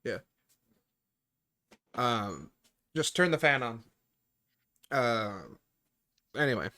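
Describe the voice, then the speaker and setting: Animated swearing podcast storyteller. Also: medium pitch, extremely slow. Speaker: podcast host. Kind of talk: casual podcast chat and storytelling. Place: room at home on a voice chat.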